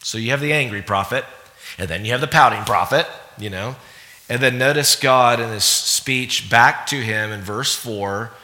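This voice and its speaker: A man preaching a sermon to a congregation, animated and conversational, with asides and voices acted out. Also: medium pitch, moderate pace, big-room sound. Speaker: pastor.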